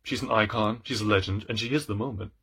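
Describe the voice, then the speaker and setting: A man's voice: fairly low pitch, fast talker, bright, forceful tone, breathy edge. A man in his thirties chatting playfully about books on his channel, theatrical and self-mocking. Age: 30s. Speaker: book vlogger. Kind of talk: casual chat about books.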